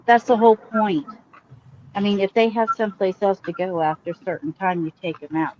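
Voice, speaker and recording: Opinionated woman, lo-fi sound. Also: lowish voice. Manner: opinionated and indignant. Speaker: co-host. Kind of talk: casual chat about a news case. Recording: dull lo-fi sound with faint noise.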